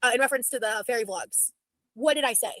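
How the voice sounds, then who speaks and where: A woman in her thirties chatting casually as she reacts to her own old videos, rambling and quick. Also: a little high, fairly bright tone, no echo, rough recording. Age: 30s.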